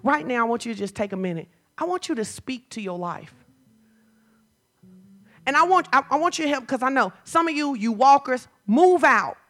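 A woman pastor preaching a sermon, moving from chatty storytelling to loud, fervent declarations. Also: high voice, lively intonation, moderate pace, soft background music.

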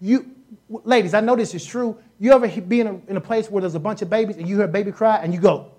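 A woman preaching a lively sermon in a mid-pitched voice that sits neither high nor low. Her speech is loose and colloquial, with repeated words for emphasis. She often breaks into playful voices and sounds to act out little scenes. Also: quick pace. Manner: casual colloquial speech with repetitions.

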